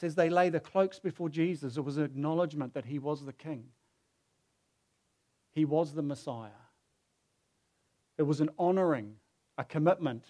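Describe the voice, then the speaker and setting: A man's voice: fairly high pitch, mellow. A man preaching a sermon who tells the story casually and acts out the quoted voices.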